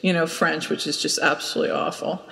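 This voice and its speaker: A woman's voice: deep voice, fairly even intonation, quick pace, gravelly, sharp tone, in a large hall. A woman hosting a podcast, chatting casually and telling a story with lots of laughter. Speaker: podcast host. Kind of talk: casual chat and anecdote.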